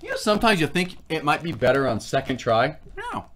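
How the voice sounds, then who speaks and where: A man's voice: on the high side, big pitch swings, a little fast, fairly bright tone, a little hiss or hum. A man hosting a snack-tasting livestream, rambling and reading product labels aloud in casual chat. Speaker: food review livestream host.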